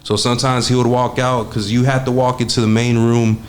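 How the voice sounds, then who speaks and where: A man's voice: mid-range voice, flat delivery, fairly quick, a little hiss or hum. A young man, telling stories as a guest in a casual interview, laid-back and streetwise, swearing freely and using many fillers. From Texas. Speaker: guest, studio engineer.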